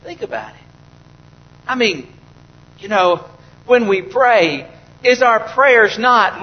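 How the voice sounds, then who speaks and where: A man with a notably high voice preaches to his congregation, asking questions and swelling into impassioned outbursts. The recording sounds muffled and lo-fi. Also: big pitch swings, slow, long pauses. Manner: preaching with rising fervor, rhetorical questions to the congregation. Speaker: pastor. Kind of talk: sermon.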